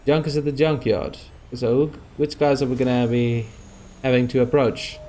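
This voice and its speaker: A man's voice: mid-range voice, level tone, normal speed, mellow. A man giving rambling let's-play commentary over a space game, with many fillers and restarts. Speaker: gaming YouTuber.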